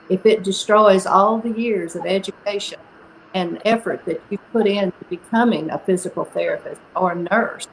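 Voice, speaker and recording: Older Southern woman with a gravelly voice. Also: mid-range voice, slight background noise, low-quality recording. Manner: unhurried, folksy, with filler ums. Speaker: company founder guest. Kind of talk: casual interview.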